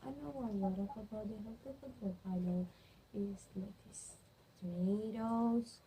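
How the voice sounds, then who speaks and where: A young woman student talks through her class notes slowly, halting and searching for words, often restarting her sentences. Her voice is soft and mellow. Faint ambient noise sits under her voice. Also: medium pitch, rough recording. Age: young adult. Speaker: student presenter. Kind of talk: spoken class review.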